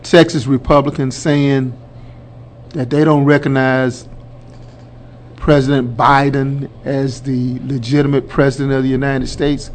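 A man hosting a radio show, delivering a colloquial, emphatic political commentary monologue that builds to loud declarations and addresses listeners as folks. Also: medium pitch, little pitch movement, unhurried, a little hiss or hum.

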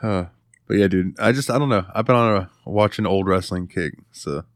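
Male podcast co-host, very low pitch, dry close sound, relaxed casual chat. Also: fairly quick, no room sound.

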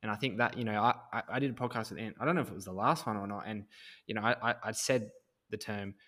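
Man, podcast host, reflective, rambling, low voice, casual swearing. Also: fast talker, fairly bright tone.

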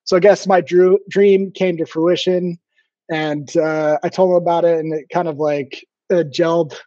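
A man, a former missionary, telling stories as a podcast guest in a casual, halting way, with frequent ums and restarts. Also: fairly high pitch, flat delivery, dark tone, dry recording. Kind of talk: casual interview storytelling. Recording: dull, dry lo-fi sound.

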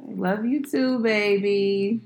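A woman's voice: medium pitch, steady tone, takes it slowly, a little mellow. A middle-aged woman, a mother, co-hosting a casual podcast, teasing and wisecracking. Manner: teasing, wisecracking, laughs easily. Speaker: podcast co-host and parent.

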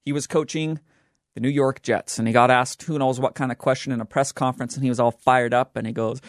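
A young man hosting a sports betting show, talking in an animated, joking and emphatic way. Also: mid-range voice, a little fast, no room sound, clean studio sound. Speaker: sports podcast host. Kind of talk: scripted sports commentary.

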